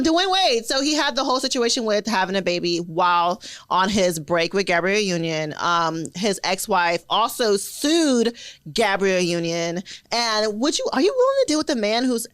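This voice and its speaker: A young woman co-hosts a relaxed podcast, speaking bluntly and with emphatic, profane force. Her voice sits at a middle pitch for a woman. The recording is dry and close, with almost no room sound. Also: normal speed, dry recording. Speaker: podcast co-host. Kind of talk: casual chat.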